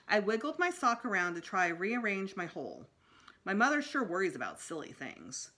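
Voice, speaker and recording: Woman librarian, storybook read-aloud, expressive, lively pitch, bright voice. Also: normal speed. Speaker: school librarian. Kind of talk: reading a children's book aloud.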